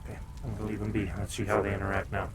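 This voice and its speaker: A man's voice: on the low side, completely flat delivery, racing, over music. A man live-streaming at home in a laid-back, casual way, chatting to his viewers and telling his dogs to stop barking.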